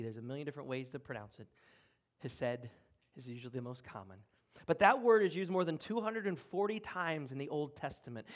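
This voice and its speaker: A pastor preaching a sermon in an animated way, with big swings in loudness and the odd chuckle. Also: male voice, a little high.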